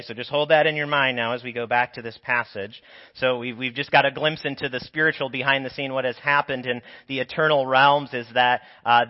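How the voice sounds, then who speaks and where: A man preaching a sermon in a church, talking through the passage in a conversational, explanatory way while nursing a sore throat. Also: medium pitch. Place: church sanctuary. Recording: dull lo-fi sound with long church reverb.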